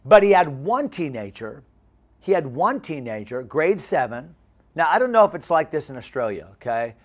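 Man, pastor telling a funny story in a sermon; high and very expressive pitch, repeats lines for laughs. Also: normal speed. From United States. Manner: animated, comic, repeats phrases.

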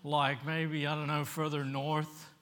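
Raised in Papua New Guinea, this middle-aged preacher speaks a little slowly in a slightly high, fairly bright voice with little pitch movement. His sermon tells stories conversationally and asks the congregation questions.

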